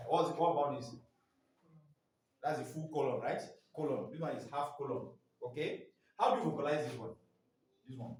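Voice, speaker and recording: A man's voice: medium pitch, moderate pace, pauses often, darkish tone. A man teaching staff in a training session, leaving his sentences open for the class to finish. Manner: quizzing listeners with fill-in questions. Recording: echoey room.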